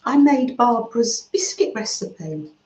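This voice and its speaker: A woman gently chatting with her livestream viewers and reading their comments aloud, with soft murmurs and coos. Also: a little high, animated, slow pace. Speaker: craft livestream host. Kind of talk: casual chat reading live comments. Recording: slightly dull sound in an echoey room.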